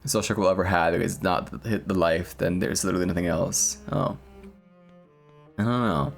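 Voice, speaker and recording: A man's voice: deep voice, normal speed, gravelly, soft background music. A young man streaming a game, chatting casually in a rambling, crude, jokey way and laughing often. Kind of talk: casual gameplay chat.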